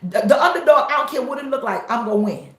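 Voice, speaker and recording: A woman pastor preaching a live-streamed sermon, emphatic and repetitive, sometimes breaking into shouts. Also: on the high side, expressive, quick pace, roomy sound.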